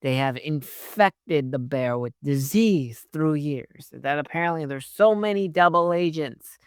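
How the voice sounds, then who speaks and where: A man's voice: on the high side, unhurried, smooth, dry recording, studio quality. A man hosting his own show, giving a casual, rambling recap of a TV episode with frequent swearing. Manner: rambling, profane, conversational. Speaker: host.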